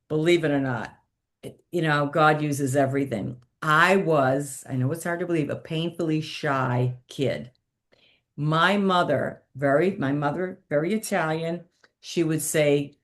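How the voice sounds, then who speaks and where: Deep-ish voiced woman impressionist, chatty, laughs a lot, storytelling. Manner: animated, laughs often, switches into voices. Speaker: comedic impressionist guest.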